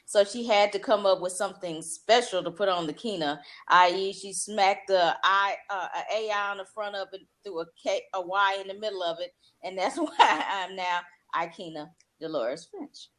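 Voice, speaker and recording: A woman's voice: medium pitch, moderate pace, few pauses, a bit bright. A woman talking casually as a guest on an interview show, telling stories in a chatty way and laughing often. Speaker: guest, social media expert.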